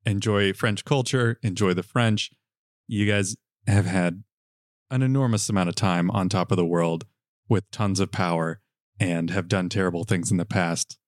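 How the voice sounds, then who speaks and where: A man's voice: low voice, moderate pace, no room sound, clean studio sound. A man co-hosting a comedy podcast, chatting casually with playful, ranting banter. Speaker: podcast co-host.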